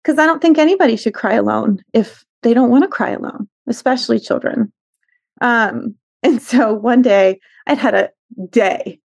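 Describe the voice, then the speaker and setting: A woman's voice: a little high, moderate pace, gravelly, no room sound. A middle-aged woman therapist, a guest on the show, telling a tender family story in an earnest conversational way. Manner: tender, earnest, acts out quoted voices.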